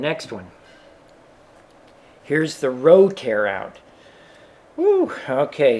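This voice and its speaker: A man talks through a calculation step by step in a slow, unhurried way. His pitch sits in the middle range, and he pauses often with fillers as he works things out aloud. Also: a little mellow. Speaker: engineering instructor. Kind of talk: worked example lecture.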